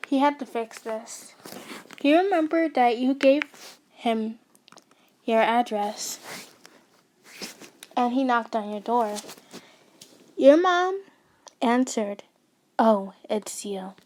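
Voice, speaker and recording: A woman's voice: a little high, takes it slowly, long pauses, a little mellow, a little hiss or hum. Woman casually reading a fanfic aloud. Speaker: storyteller.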